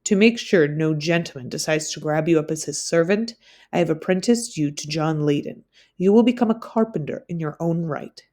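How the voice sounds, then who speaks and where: A woman teacher reading a novel aloud for her class, in a plain, steady way with occasional slips. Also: medium pitch, vocal fry.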